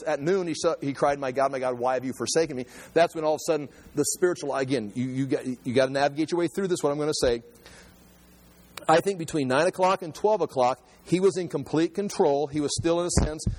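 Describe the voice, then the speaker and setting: A man preaching a Bible teaching sermon in an animated, emphatic way, often repeating his phrases. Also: fairly high pitch. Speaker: pastor. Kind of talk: expository sermon.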